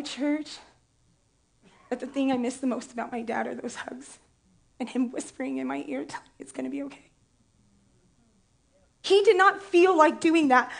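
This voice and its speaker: A woman in her thirties preaching a sermon, candid and playful, telling a personal story with emotion. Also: high voice.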